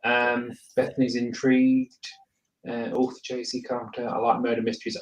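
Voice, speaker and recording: Relaxed male stream host. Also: mid-range voice, moderate pace, lo-fi sound. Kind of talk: hosting a live stream, reading chat comments.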